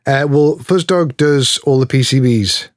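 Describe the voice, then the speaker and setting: This interview guest is a pedal builder from Newcastle, England, with a Geordie accent and a medium-pitched voice. His pace is a little slow as he chats casually, wandering off topic, putting himself down and laughing frequently. Studio-quality audio, dry with no room reverb.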